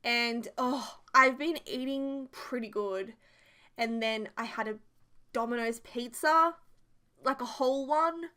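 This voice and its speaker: A woman's voice: fairly high pitch, takes it slowly, pushed and bright, clean tone. A young Australian woman in her twenties, telling rambling, giggly stories in a casual voiceover chat. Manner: chatty, rambling, giggly storytelling. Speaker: YouTuber.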